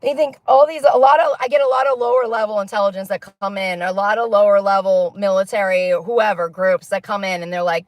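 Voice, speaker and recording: A woman's voice: medium pitch, steady tone, brisk, hardly any pauses, no room sound. A woman vlogger giving a heated, profane monologue to camera, repeating herself and pressing "okay?" after her points. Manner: repetitive, insistent, peppers talk with "okay?".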